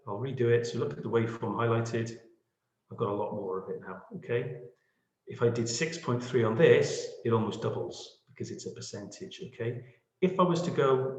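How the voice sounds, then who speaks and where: A man running a webinar tutorial on podcast editing, chatty and self-deprecating, often checking in with the audience. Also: medium pitch. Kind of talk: screen-share webinar tutorial. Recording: echoey room.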